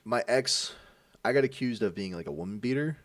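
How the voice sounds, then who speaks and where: In a dry, studio-quality recording from a distant mic, a podcast co-host in his twenties speaks at a fairly low pitch and a little fast. He's animated, swears plenty, and performs the voices in the casual story he's telling.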